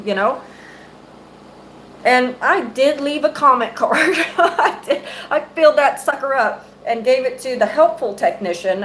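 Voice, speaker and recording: A middle-aged mother vents angrily to viewers on a live stream, cursing freely and staying close to her phone mic. Her voice is on the high side and a bit bright, and the low-quality recording has slight background noise.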